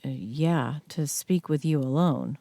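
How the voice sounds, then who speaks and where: Woman doing a nervous, halting ex-husband. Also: low voice, creaky, dark tone, no room sound, studio quality, voice pushed down, exaggerated voice. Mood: awkward. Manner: hesitant, halting. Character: nervous shifty young ex-husband.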